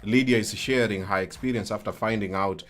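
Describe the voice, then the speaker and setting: A man with a Kenyan accent, hosting a talk and asking short questions between steady acknowledgements. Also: on the low side, a little fast, soft background music. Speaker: host. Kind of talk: interview talk.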